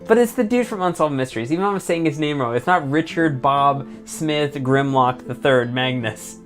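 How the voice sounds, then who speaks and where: A woman streaming a game, rambling excitedly, laughing often and reading dialogue aloud. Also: very deep voice, moderate pace, faint music behind. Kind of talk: casual let's-play commentary and dialogue reading.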